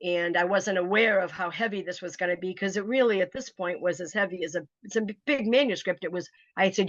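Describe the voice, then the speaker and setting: A woman tells her story in a relaxed interview voice, acting out the other people in it and jumping high in pitch for their lines. The recording is dry and a little dull. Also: quick pace, hardly any pauses, no room sound. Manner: animated, acts out quoted voices. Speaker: author telling her story.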